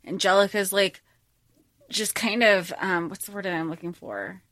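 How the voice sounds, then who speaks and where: A young adult woman co-hosting a podcast in casual chat, animated, swearing freely and full of "like" and "um". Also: medium pitch, moderate pace, no echo, studio quality. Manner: animated, swears freely, acts out movie lines; many fillers like "like" and "um". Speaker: podcast co-host.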